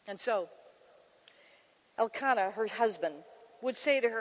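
A woman teaches a women's Bible study in an animated, chatty way, slipping into the voices of scripture figures. Her voice is high, and the long reverb of a large hall follows every phrase. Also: a little slow, pauses often. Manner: animated, conversational, acts out scripture scenes.

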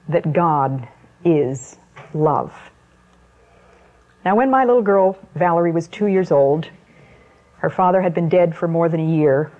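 A woman preaching an evening sermon talk in a slow, deliberate manner, with weighty pauses between phrases. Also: lowish voice, warm tone. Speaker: Christian speaker. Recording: muffled lo-fi recording.

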